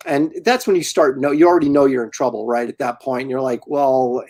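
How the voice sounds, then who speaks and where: A man's voice: mid-range voice, brisk, darkish tone. A man, a comic artist, telling wry, incredulous stories in casual chat on a group video call.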